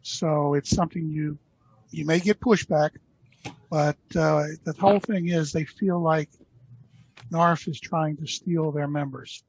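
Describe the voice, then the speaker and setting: Male caller, raised pitch, raspy and husky, measured meeting comment, dull dry audio. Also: steady tone. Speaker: association member on a call.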